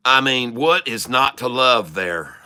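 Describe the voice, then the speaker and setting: A man's voice: medium pitch, animated, slow, pushed and bright, clear, resonant tone. Jokey man on a trading livestream. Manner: jokey and rambling. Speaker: stock trading streamer. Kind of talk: casual livestream chat.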